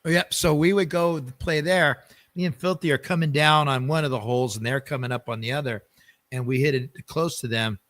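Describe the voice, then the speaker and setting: A man hosting a casual podcast, his voice sitting a little high. He tells stories eagerly, stumbling over restarts and repeated words. The sound is dry and close. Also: a little fast, dry recording. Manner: lively storyteller, many restarts and repeated words. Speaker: podcast host. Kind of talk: casual chat.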